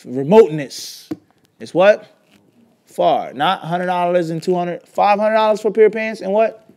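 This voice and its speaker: A man's voice: sits high, normal speed, a little mellow. A man teaching an Islamic class, lecturing and constantly quizzing his students with questions. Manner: keeps quizzing the class with "what?" and scolding asides. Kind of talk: lecturing with call-and-response questions.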